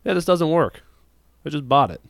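A man's voice: fairly high pitch, expressive, moderate pace, gravelly, dry recording. A man chatting casually on a podcast, telling rambling, profane stories with frequent restarts. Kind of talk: casual chat.

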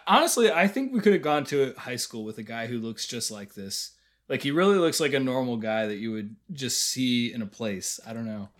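A man's voice: medium pitch, a bit bright. A man co-hosting a podcast, casually retelling scenes and laughing often. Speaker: podcast co-host. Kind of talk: casual review chat.

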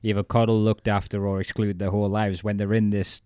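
Low-voiced man in dry, casual chat. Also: flat delivery, a little fast, darkish tone, smooth, dry recording. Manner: chatty, reflective, rambling. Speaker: podcast co-host.

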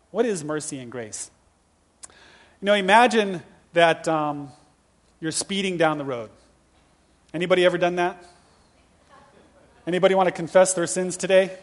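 A male pastor in his fifties preaching a sermon with lively, humorous storytelling. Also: fairly high pitch. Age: 50s.

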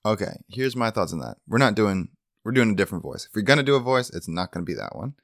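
A man's voice: on the low side, expressive, fast, no echo. A man co-hosting a comedy podcast, shooting down ideas in a dry, firm, wry way. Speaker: podcast co-host.

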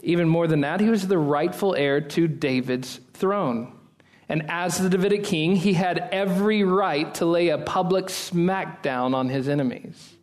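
Opening with a prayer, a man serving as pastor delivers an earnest church sermon. His delivery climbs to emphatic high points, then sinks low and slows at the close of each phrase.

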